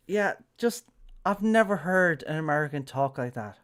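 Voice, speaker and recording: A man's voice: fairly high pitch, lively intonation, moderate pace, fairly bright tone. An Irish man giving casual live-stream commentary on a game, rambling with lots of fillers and self-corrections. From Ireland.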